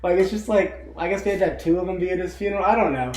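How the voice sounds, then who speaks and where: Young man, slightly high voice, casual movie co-host, rambling and laughing, echoey room. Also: rapid-fire, a little mellow. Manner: rambling, many fillers, laughs often. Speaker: co-host of a movie discussion channel. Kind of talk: casual chat.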